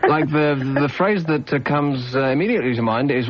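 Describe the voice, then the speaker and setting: A man's voice: mid-range voice, normal speed. A man from the UK hosting a late-night radio phone-in, talking in a wry, teasing, rambling way. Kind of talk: casual radio phone-in chat. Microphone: studio microphone. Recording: dull 1990s radio broadcast with faint hiss.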